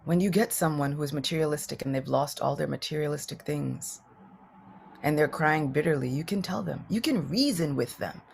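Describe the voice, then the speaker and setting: A woman's voice: low voice, brisk, creaky, darkish tone, a little hiss or hum. A woman voicing a male royal advisor who tells, humbled and sorrowful, how his eloquence failed him. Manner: earnest, sorrowful storytelling.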